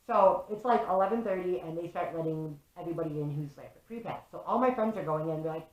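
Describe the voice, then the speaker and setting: A young woman vlogger recounting a story straight to camera, animated and loose-tongued, swearing and peppering her talk with "like." Her voice sits a little low for a woman. The room around her rings with echo. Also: fast, hardly any pauses. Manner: animated, swears often, fills with "like". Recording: echoey room.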